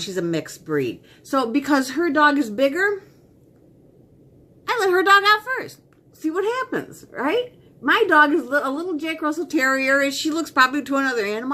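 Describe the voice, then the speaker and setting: A woman's voice: on the high side, sharp tone. A middle-aged woman chatting casually as she unboxes and tries on makeup, rambling and talking to herself. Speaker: beauty vlogger.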